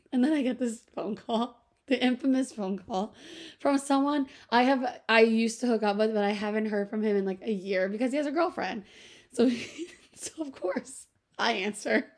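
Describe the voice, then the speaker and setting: A woman's voice: fairly high pitch, darkish tone. A young woman in her twenties co-hosting a podcast, telling a story in casual chat, full of filler words and laughing often. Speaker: podcast co-host.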